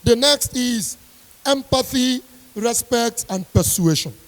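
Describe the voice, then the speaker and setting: A woman's voice: a little high, expressive, slow. A woman university lecturer giving an emphatic motivational speech to an audience, repeating her key lines sternly. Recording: long hall reverb.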